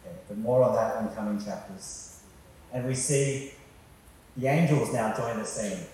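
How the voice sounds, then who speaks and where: A man preaches a sermon to a church hall, chatty and full of questions for his listeners. His voice is mellow and dark. It is recorded from far off in a very echoey hall with faint background noise. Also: fairly low pitch, moderate pace. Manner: conversational, asks the congregation questions.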